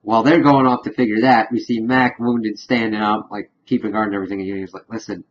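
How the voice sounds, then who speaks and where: With a fairly low pitch, a man excitably recaps a TV episode in a casual spoiler review, wandering off on tangents and quickly paraphrasing lines. The recording has the highs cut off and slight background noise.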